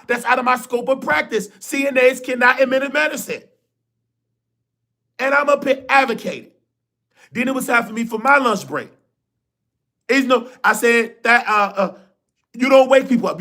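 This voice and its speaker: A man with a high, bright voice and a gravelly edge hosts a live stream. He tells a personal story in loose, colloquial talk, animated and full of feeling. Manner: animated, colloquial, emotional retelling. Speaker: livestream show host.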